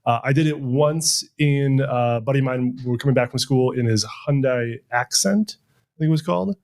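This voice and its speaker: A man on a podcast, describing road trips in an unhurried, descriptive way. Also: mid-range voice, a little mellow. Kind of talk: casual podcast chat.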